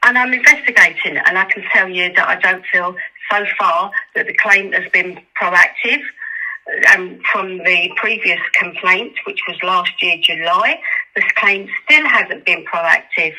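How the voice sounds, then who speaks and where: A woman handling a complaint on a customer service call, measured and scripted. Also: fairly low pitch, sharp tone. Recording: tinny phone line.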